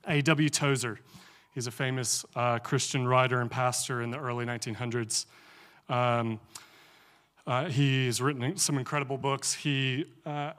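A man preaching a casual sermon and reading scripture aloud, speaking conversationally and often pausing on fillers. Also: mid-range voice, steady tone, a bit bright.

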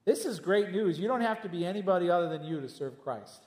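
A man's voice: sits high, animated, fast talker. A man preaching a sermon as pastor, mixing teaching with jokes and chatty asides. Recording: echoey hall with long reverb.

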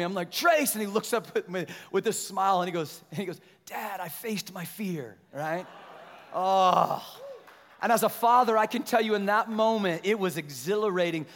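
Casting note: middle-aged male pastor with a high voice, animated storyteller who preaches with slow emphasis, long hall reverb. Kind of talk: sermon. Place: church sanctuary.

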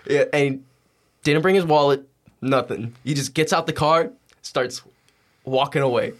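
A young man, a podcast guest, telling a story in a casual, animated, slangy and profane way. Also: mid-range voice, a little slow.

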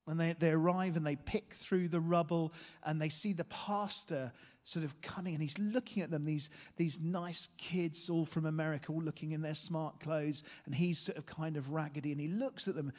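A man preaching a sermon, telling a story with lively energy and asking his listeners questions. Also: fairly high pitch. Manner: animated storytelling, asks the room questions. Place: church hall. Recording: long hall reverb.

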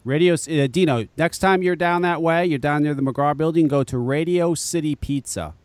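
A man chatting casually on a podcast, animated and profane, telling stories with many restarts. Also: a little high, normal speed, no room sound. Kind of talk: casual chat.

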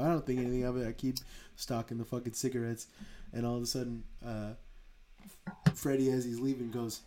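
A man's voice: mid-range voice, fairly even intonation, a little fast, darkish tone. A young man co-hosting a casual chat, rambling through a story with frequent swearing and laughter. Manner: rambling, profane, laughs often.

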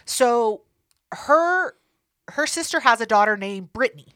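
A woman co-hosting a podcast, telling a story in casual chat, profane and animated, acting out what people said. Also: on the high side, measured pace, no room sound, clean studio sound. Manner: profane, animated, acts out quotes. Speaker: podcast co-host.

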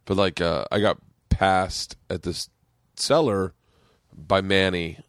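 Guy hosting a podcast, lowish voice, rambly excitable storyteller, dry close mic. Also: takes it slowly, no room sound. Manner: rambling, excitable storyteller who laughs a lot. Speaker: podcast host. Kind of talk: casual chat.

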